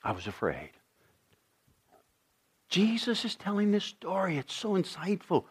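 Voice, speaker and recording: A man preaching with a high, lively voice that leaps up and down in pitch. He moves between hushed, earnest passages and loud, forceful emphasis. He often speaks straight to his listeners with questions. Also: unhurried, long pauses, husky. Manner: dramatic shifts in volume, acting out voices; direct questions to the congregation. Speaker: pastor. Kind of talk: sermon.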